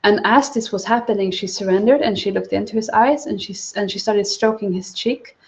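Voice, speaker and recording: A woman giving a livestreamed spiritual teaching talk, soft-spoken and calm. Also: mid-range voice, brisk. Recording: dull lo-fi livestream audio.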